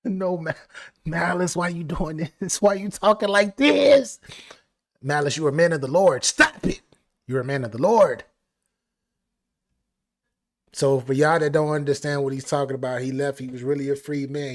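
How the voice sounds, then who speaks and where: A man hosting a live album reaction stream, talking excitedly and repeating phrases. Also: mid-range voice, fast talker. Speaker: music reaction host.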